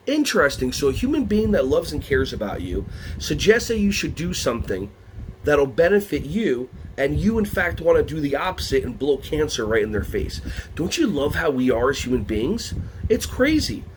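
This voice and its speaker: Animated, expressive male workshop trainer. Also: a little high, a little hiss or hum. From United States. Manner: animated, playful, breaks into songs and silly voices. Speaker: early childhood educator and trainer. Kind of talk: lively workshop talk.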